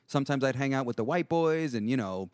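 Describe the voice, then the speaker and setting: A man's voice: medium pitch, animated, a little fast, darkish tone, clean tone, dry recording. New guy rambling thru an old neighborhood story, cursing a lot, dry close sound. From Jackson Heights, New York. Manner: profane, rambling, acts out voices. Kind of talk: casual storytelling chat.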